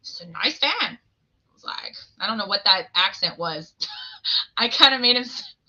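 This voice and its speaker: A woman's voice: mid-range voice, expressive, a little slow, pushed and bright. A woman telling stories as a podcast guest. She rambles happily and laughs often. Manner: bubbly, rambling storyteller who laughs often. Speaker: guest, former radio host. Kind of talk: casual interview chat. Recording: muffled lo-fi audio.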